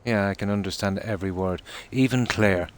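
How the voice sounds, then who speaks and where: An Irish man chatting casually on a live stream, reading out and answering viewer comments in a relaxed, talkative way. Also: fairly low pitch, fairly quick, slight background noise. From Ireland.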